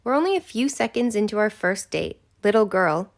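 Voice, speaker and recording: A woman's voice: on the high side, sing-song, a little fast, gravelly. A woman narrating a romance audiobook in the first person, with a breathless, intimate delivery.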